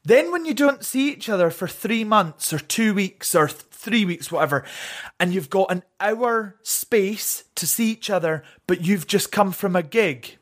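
Animated, chatty young man. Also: high voice, measured pace. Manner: animated and chatty, often stammering on repeated words; acts out other people's lines in mimicking voices. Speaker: interview guest, drag performer. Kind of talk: candid conversational interview.

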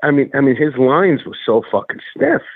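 A man's voice: mid-range voice, animated, normal speed, breathy edge, dry recording. A man, a guest and former pro wrestler, telling rambling, profane stories in casual chat with lots of restarts. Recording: tinny phone-like line, dry.

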